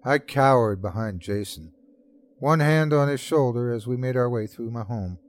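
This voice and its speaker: A man's voice: mid-range voice, moderate pace. A man hosting and narrating a horror story in a scripted, dramatic storytelling way. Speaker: host and narrator.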